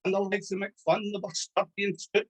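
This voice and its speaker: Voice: mid-range voice, little pitch movement, a little fast. A reciter giving a dramatic, rhythmic recitation of a long narrative poem. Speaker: club member reciting verse. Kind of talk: poetry recitation.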